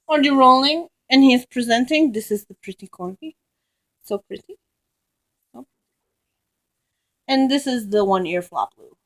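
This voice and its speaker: A woman's voice: on the high side, expressive, moderate pace, pauses often, no room sound, poor audio. A woman at home talking to her dogs in cooing baby talk. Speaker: dog owner.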